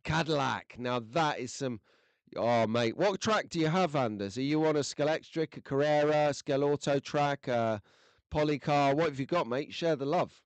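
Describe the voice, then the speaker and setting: A man's voice: fairly high pitch, normal speed, no room sound. A man hosting a casual livestream, chatting to viewers and reading their comments in a jokey, rambling way with lots of fillers. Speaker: livestream host. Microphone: desk microphone close to the face.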